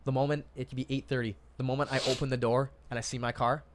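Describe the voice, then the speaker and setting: A man's voice: medium pitch, flat delivery, noisy background. A young man hosting a casual podcast chat, talking emphatically and calling people dude and bro. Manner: fast, emphatic, calls listeners dude and bro. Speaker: podcast host.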